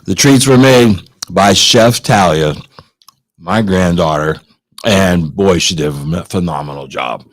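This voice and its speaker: An older man from co-hosts a live promotional show from a wellness store event. He speaks a little low in pitch and readily agrees, chiming in with affirmations. The recording is dry and close. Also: takes it slowly, no echo, low-quality recording. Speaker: co-host.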